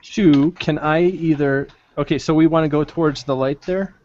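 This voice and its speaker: A man's voice: on the high side, steady tone, moderate pace, a little mellow, dull audio, slight background noise. Eager man asking the game master questions. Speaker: player. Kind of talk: tabletop role-play banter.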